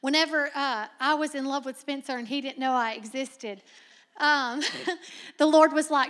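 High-voiced young woman preaching with animated swings. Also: unhurried. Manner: lively, humorous, swings from soft low asides to loud emphatic lines; laughs often. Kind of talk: sermon.

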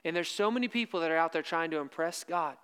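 With a high voice that is smooth, resonant and a bit bright, a preacher drives home his main points by saying them again slowly and firmly. His sermon echoes with the long reverb of what sounds like a big church hall.

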